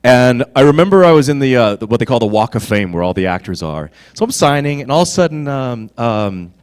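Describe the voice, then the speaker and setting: Give me an animated man chatting to fans on a panel, voice leaping high and low. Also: fairly quick, clean tone. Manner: animated, laughing, swings from low murmurs to loud bursts. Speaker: convention panel guest actor. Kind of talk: casual storytelling on a fan panel.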